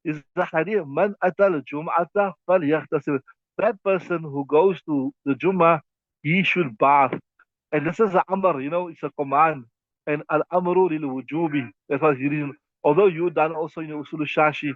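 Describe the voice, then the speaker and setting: A man's voice: fairly high pitch, dry recording. Man teaching, tinny dry sound. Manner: explains step by step, often checks "right?". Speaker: teacher of Islamic jurisprudence. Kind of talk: classroom text lesson. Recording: thin phone-like dry recording.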